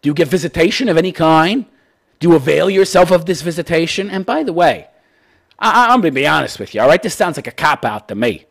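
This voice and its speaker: A man's voice: on the high side, expressive, fast talker, gravelly. A man hosting a commentary show, ranting sarcastically and profanely about a listener's letter. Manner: profane and sarcastic, repeats "wait, wait". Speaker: host of a call-in commentary show.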